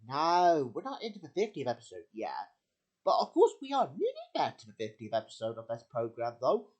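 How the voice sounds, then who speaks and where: A man's voice: fairly high pitch, huge pitch swings, brisk, darkish tone, muffled recording. A man hosting a homemade puppet show, talking in a rambling way with many slips and restarts. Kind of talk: casual chat.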